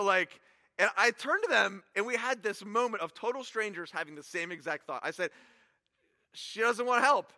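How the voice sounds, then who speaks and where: A man in his forties preaching a sermon, telling stories casually with animated, self-deprecating humor. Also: extremely high pitch, long reverb tail. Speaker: pastor.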